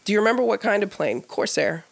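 A woman co-hosting a podcast, telling a story in a casual, animated way, full of "like" fillers and acted-out quoted dialogue. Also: mid-range voice, quick pace, creaky. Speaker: podcast co-host. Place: live podcast taping before an audience.

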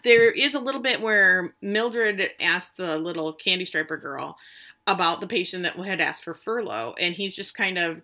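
On a podcast, a female co-host recaps a TV episode in casual chat, her lowish voice sounding pushed and bright. She retells the scenes frankly, swearing, tossing in salty asides and acting out the quotes.

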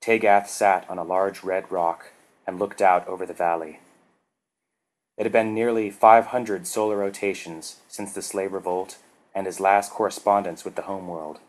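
A man narrating a science fiction story in a measured, dramatic way. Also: low voice. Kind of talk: scripted narration.

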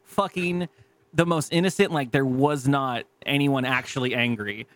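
A man's voice: medium pitch, moderate pace, fairly bright tone, dry recording. A man in his thirties co-hosting a podcast, telling profane stories in casual chat, acting out quotes and laughing often. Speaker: podcast co-host.

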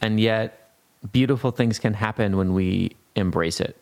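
A man's voice: lowish voice, unhurried, gravelly, darkish tone. A man in casual podcast chat, speaking reflectively.

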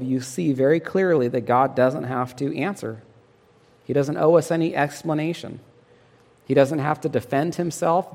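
A man's voice: on the high side, vocal fry, big-room sound. A man preaching a sermon in an earnest, emphatic way, often asking his listeners rhetorical questions. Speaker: pastor.

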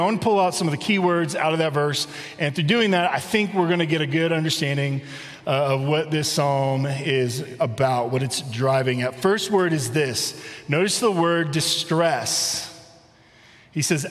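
A middle-aged man preaching a conversational sermon, asking rhetorical questions and reading scripture slowly. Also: on the high side, in a large hall. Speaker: pastor. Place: church sanctuary.

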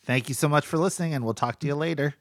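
A man's voice: a little high, racing, dry recording. A man co-hosting a film podcast, talking casually with an eager, teasing manner. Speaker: podcast co-host.

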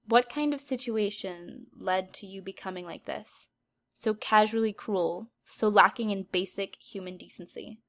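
A woman's voice: mid-range voice, a little slow, natural voice. Woman reading as an earnest young girl hero. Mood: hurt. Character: hurt, earnest twelve-year-old girl hero.

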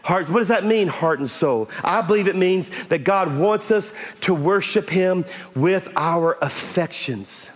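A middle-aged pastor, preaching a sermon in a lively, folksy manner and drawing the congregation in with direct questions. His voice sits high for a man. The sound carries the long reverb of a large hall. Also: unhurried, few pauses. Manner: animated, folksy, chatty with the audience.

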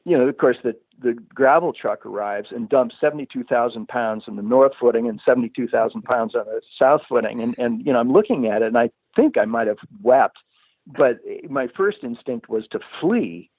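A man's voice: medium pitch, a little fast, husky, no room sound. A man telling a long personal story in a casual, rambling way, often restarting sentences and saying "you know". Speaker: guest telling a life story. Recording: tinny phone-line sound, dry.

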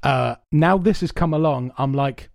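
A man co-hosting a podcast in casual chat, telling long stories in an animated, rambling way with lots of swearing. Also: mid-range voice, moderate pace, gravelly, dry recording. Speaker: podcast co-host. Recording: dry, soundproofed home room.

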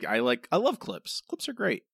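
A man chats casually as a podcast co-host, his pitch swooping up and down as he recaps. He restarts his sentences often and keeps calling his partner by name. The sound is close and dry. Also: moderate pace, creaky, breathy edge, no room sound. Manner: animated, rambling with restarts, addresses co-host by name.

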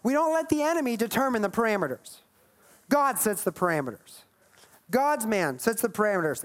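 Emphatic woman preaching a sermon. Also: a little high. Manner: emphatic, playful asides, reads scripture aloud.

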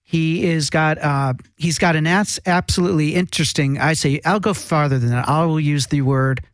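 A man's voice: a little high, fairly even intonation, normal speed, no room sound. A man hosting a casual comedy talk show, joking and rambling, often breaking off and restarting his sentences. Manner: joking, rambling, self-interrupting.

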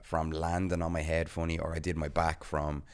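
Very deep-voiced man telling a story. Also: level tone, normal speed, smooth. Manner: chatty storyteller who laughs often. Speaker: podcast co-host. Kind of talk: casual podcast chat.

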